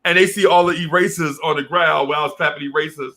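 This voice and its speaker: Telling a childhood story in relaxed conversation, a middle-aged man voices the teachers and kids in it and leans hard on slang. He talks fast with a fairly high, steady-toned voice that is bright and forceful.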